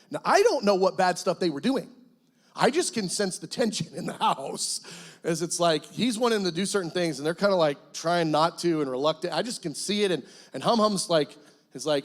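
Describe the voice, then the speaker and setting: High-voiced man preaching an animated testimony. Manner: animated storytelling, bursts into excited shouted quotes. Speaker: guest pastor. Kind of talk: testimony sermon.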